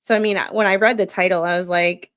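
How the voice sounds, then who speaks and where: A woman's voice: medium pitch, fairly even intonation, fast, a bit bright. Chatty, easygoing woman streamer who laughs often. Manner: laid-back and chatty, laughs often, wanders off on tangents. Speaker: streamer hosting a live reaction show. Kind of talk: casual live-stream chat, reading stories and greeting viewers. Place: at home, late at night. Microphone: streaming microphone.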